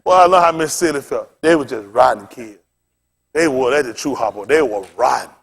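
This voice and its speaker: A man's voice: mid-range voice, a little fast, creaky, breathy edge. A male pastor preaching a sermon with funny stories, talking in a loose, colloquial way and often laughing as he tells them. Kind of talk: sermon with humorous storytelling.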